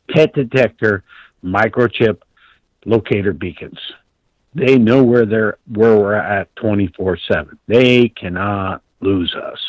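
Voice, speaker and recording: A man's voice: mid-range voice, no echo, rough recording. A man calling in to a talk show, telling a long story in an intense, rambling way and swearing often. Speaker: caller.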